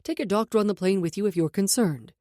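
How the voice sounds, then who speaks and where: A woman narrator voicing a doctor who gives brisk, matter-of-fact instructions in an audiobook. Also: medium pitch, mellow, dry recording, studio quality, natural voice. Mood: businesslike.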